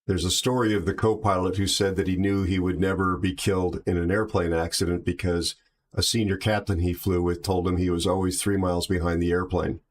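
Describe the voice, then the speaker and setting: A man's voice: low voice, flat delivery, a little fast. A man hosting a livestream, chatting casually, telling jokes and reacting to chat. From aviation background. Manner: chatty, tells jokes, reads chat aloud. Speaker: livestream host.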